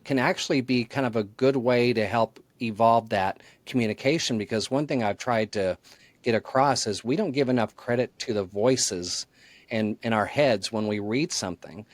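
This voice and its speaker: Here the marketing author's voice sits in the mid range and moves at a normal speed, with no echo on the recording. He's a podcast guest in a conversational interview, explaining his ideas with earnest thoughtfulness.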